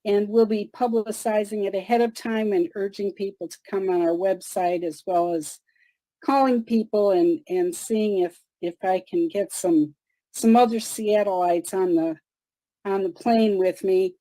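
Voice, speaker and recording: A woman's voice: mid-range voice, steady tone, measured pace, warm tone, no room sound, rough recording. A woman calling in to an organizing call on a video call, speaking hesitantly and repeating words.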